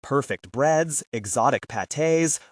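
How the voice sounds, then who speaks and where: A man narrating a superhero fantasy audiobook in an expressive, varied delivery. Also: mid-range voice, slow pace, no room sound, studio quality. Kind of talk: scripted narration.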